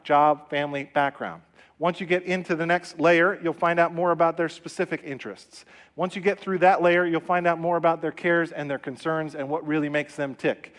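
A middle-aged male pastor delivering a sermon in a church. He speaks in a slightly high voice, stressing his points and repeating them in call-and-response. The delivery is lively and emphatic. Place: church sanctuary.

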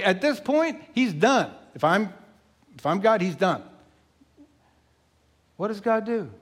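Animated high-voiced male preacher. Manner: animated, emphatic, acts out the story. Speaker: pastor. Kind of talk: sermon.

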